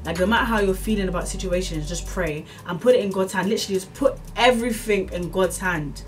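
A woman's voice: mid-range voice, quick pace, far from the mic, soft background music. Rambling young woman vlogger. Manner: rambling, repeats itself, many fillers like "like" and "as in"; earnest, preachy encouragement. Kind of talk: casual rant to camera.

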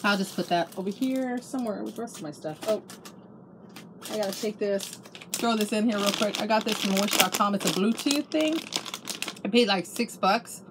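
Background noise runs under a middle-aged woman's mid-range voice as she chats at a moderate pace about her craft haul. Speaking casually from home, she gushes and often restarts her sentences in this show-and-tell.

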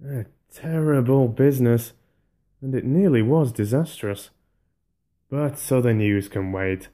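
A man voicing an old, wounded wizard who speaks slowly, drawing out his words. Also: mid-range voice, warm tone, lightly acted. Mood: glad. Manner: slow, drawn-out exclamations.

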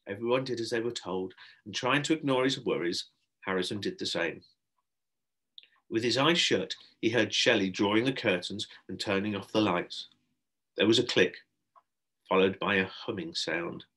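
A man, a primary school teacher, reading a children's book aloud with expressive narration. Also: lowish voice, normal speed, breathy edge.

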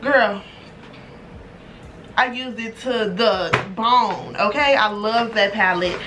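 A young woman chatting excitedly and casually through a makeup unboxing, full of slang and swearing. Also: medium pitch, slow. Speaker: beauty vlogger. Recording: distant mic with background noise.

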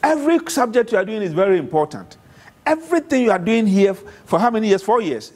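A man's voice: high-pitched, very animated, fast, darkish tone, low-quality recording. A man with a Ghanaian accent giving a university classroom lecture, often repeating points and checking understanding with "okay?" as he calls on students.

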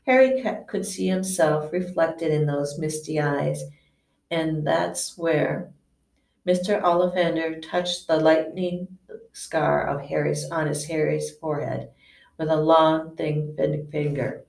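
A woman teacher reads a novel aloud in an unhurried, unpolished way, often stumbling and restarting words. Her voice is low and gravelly. It sounds distant and roomy, as if the mic sits far across a classroom. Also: darkish tone. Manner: unpolished, frequent slips and restarts. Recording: echoey room, distant mic.

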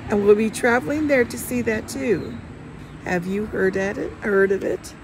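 A woman's voice: medium pitch, normal speed, noisy background, natural voice. A woman reading the lines of an earnest, outspoken widowed former nurse, in an insistent manner.

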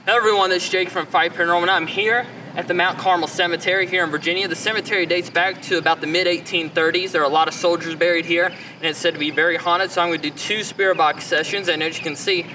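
A man, a paranormal investigator vlogging outdoors in a cemetery at dusk, calling out questions to spirits in a loud, clear voice. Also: a little high, fairly even intonation, quick pace. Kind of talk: vlog, ghost-hunting session. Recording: loud outdoor noise, traffic hum. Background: loud outdoor noise.

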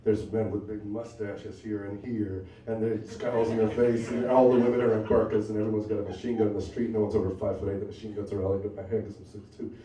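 A man's voice: lowish voice, level tone, fast, hardly any pauses, warm tone. A man telling a true personal story live, in a wry, conversational way with asides. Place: bar venue with a live audience. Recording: roomy, from a distance, faint ambience.

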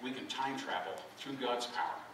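A middle-aged pastor with a mid-range, fairly bright voice speaks at a moderate pace, delivering a folksy, self-deprecating sermon and joking with his congregation. The conversational talk is recorded in a church sanctuary, a very echoey hall, with a distant mic and background noise.

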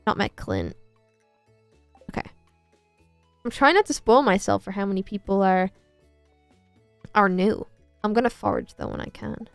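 A woman streamer chatters through her game, her pitch leaping up and down as she jokes at her own expense. Her voice is smooth and clear, dry and close to the mic, over faint background music. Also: sing-song, moderate pace, long pauses, no echo. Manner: chatty, self-mocking, talks to chat. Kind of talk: casual gameplay commentary.

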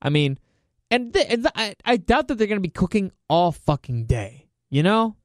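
A man's voice: sits high, moderate pace, dry recording, studio quality. A man hosting a solo podcast, ranting sarcastically with plenty of swearing and laughter. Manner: sarcastic, profane, mocking; animated, laughs often. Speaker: podcast host.

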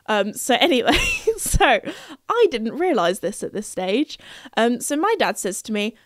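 A woman's voice: on the high side, very animated, a little slow, no room sound, studio quality. A young woman hosting a podcast, telling a story in a chatty, playful way and laughing at herself. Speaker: podcast host.

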